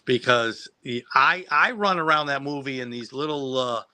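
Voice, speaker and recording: A man recounts old memories in a loose, meandering way, stumbling over his starts and chuckling along. His voice is bright and forceful. The sound is dry and close. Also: mid-range voice, normal speed, dry recording. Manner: rambling, many restarts, laughs at own story. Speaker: guest who acted as a child extra. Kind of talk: casual anecdote on a live stream.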